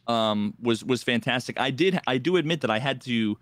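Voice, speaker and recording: A man's voice: medium pitch, lively intonation, normal speed, no echo. A man co-hosting a casual gaming podcast, rambling with many restarts and acting out other players' lines. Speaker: podcast co-host.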